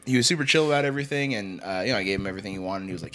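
A man's voice: low voice, very fast, few pauses, fairly bright tone. A young man in his twenties, casually telling rambling stories on a podcast, swearing and laughing often. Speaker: podcast co-host. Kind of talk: casual chat.

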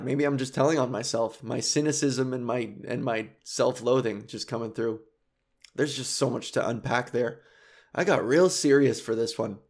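Rambling self-deprecating man in his thirties. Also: medium pitch. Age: 30s. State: emotional, recently cried. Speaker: comedy podcast host. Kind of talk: confessional solo podcast monologue.

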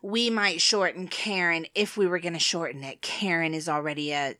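American woman podcasting, kinda low, bright tone, laughs a lot. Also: steady tone. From United States. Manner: chatty, laughs often, explains slowly. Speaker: podcast co-host. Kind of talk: casual chat.

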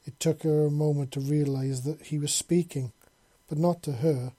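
A storybook narrator reads in a flat, level delivery with little pitch movement. The voice is husky and dark-toned, recorded close and dry. The reading is steady and blunt, coarse words included. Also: moderate pace, no room sound.

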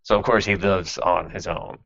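A man's voice: sits low, fairly even intonation, normal speed, gravelly, a bit bright, highs cut off. A man hosting a podcast who chats casually and sardonically, swearing freely and laughing as he recaps an anime. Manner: sardonic and profane, with frequent laughs. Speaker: podcast host.

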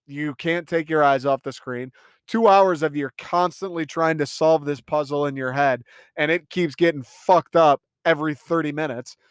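A man's voice: a little high, clean tone, no room sound, studio quality. A young man talking through a casual movie review, enthusiastic and rambling, swearing freely.

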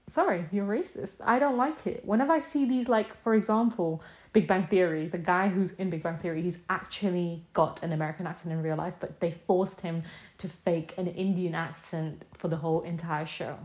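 A woman's voice: medium pitch, a little mellow. A young woman talking alone on her podcast, impassioned and emphatic, firing off repeated rhetorical questions. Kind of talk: casual solo podcast monologue.

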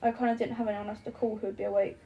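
A woman's voice: mid-range voice, flat delivery, racing, lo-fi sound, close to an everyday voice. A woman reading an audiobook, voicing an impulsive young man who rambles, apologizes and swears. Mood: flustered.

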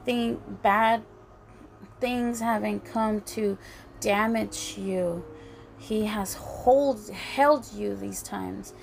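A woman preaching a sermon in an earnest, halting way, often restarting her phrases. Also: medium pitch, steady tone, vocal fry, a little hiss or hum. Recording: faint music behind.

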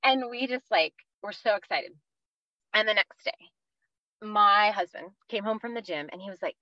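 Woman in her 30s from the east coast, earnest faith story on a podcast, lots of ums, crisp bright voice. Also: medium pitch, moderate pace, no echo, dull audio. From East Coast of the United States. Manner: earnest storytelling with many fillers, acting out quoted voices. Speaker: podcast guest. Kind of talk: personal faith story in an interview.

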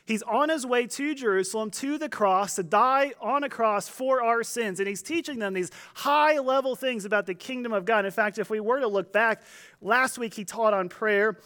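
Pastor, male, high voice, relaxed conversational preaching with playful asides. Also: normal speed. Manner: conversational, joking, animated quoting voices. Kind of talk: sermon.

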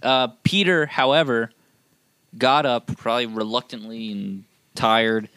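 A man's voice: mid-range voice, measured pace, pushed and bright, clean tone, no echo. A young man co-hosting a casual Bible discussion, easygoing and jokey as he reads passages aloud. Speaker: co-host.

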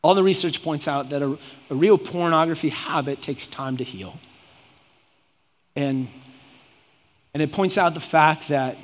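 Man preaching in a reverberant hall. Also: a little high. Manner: preaching with rising intensity, acts out quoted speech. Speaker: pastor. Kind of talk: sermon. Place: church auditorium. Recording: long reverb of a large hall.

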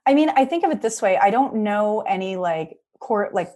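A woman guesting on a podcast as a sleep expert, chatty and animated, filling her speech with "like". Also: medium pitch, normal speed. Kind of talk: casual podcast chat.

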